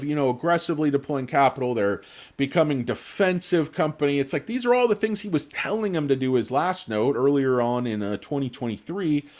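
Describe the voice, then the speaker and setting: A man hosting a casual stock market show, ranting in a profane, sarcastic, rambling way with comic insults. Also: on the high side. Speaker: stock commentary host.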